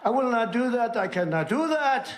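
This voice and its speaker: A man's voice: extremely high pitch, very animated, normal speed, a little hiss or hum, pitched above the performer's own voice. A man putting on a mock accent to voice a male foreign leader refusing a demand in exaggerated, pleading tones. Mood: protesting.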